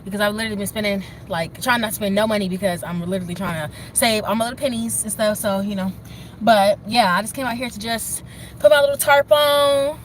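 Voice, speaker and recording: A young woman chatting excitedly and rambling on a phone livestream, standing outdoors in the snow by her car and talking straight to her viewers. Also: medium pitch, fast, a little hiss or hum. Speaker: livestream host. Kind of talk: casual livestream chat.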